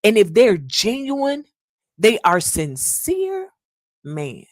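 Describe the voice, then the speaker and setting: A woman's voice: mid-range voice, wildly swooping pitch, slow pace, dry recording, studio quality. A woman hosting a podcast in an earnest, casual monologue, calling listeners "y'all" and acting out little quotes. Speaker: podcast host.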